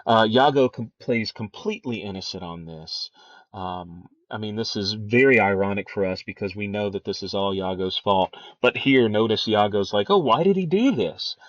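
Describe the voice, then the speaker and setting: A man's voice: lowish voice, moderate pace, no room sound. A man teaching a lesson on a play, talking casually with many fillers and restarts. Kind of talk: lecture on a play, reading quotes aloud. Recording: dry, dull lo-fi recording.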